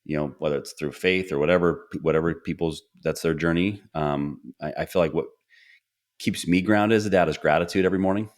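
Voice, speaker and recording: A middle-aged man with a low-pitched voice hosts a relaxed podcast conversation. He talks earnestly and slips into short acted-out lines of dialogue while telling stories about his family. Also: a little fast. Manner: earnest, storytelling, acts out quoted dialogue. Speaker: podcast host. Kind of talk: casual conversational interview.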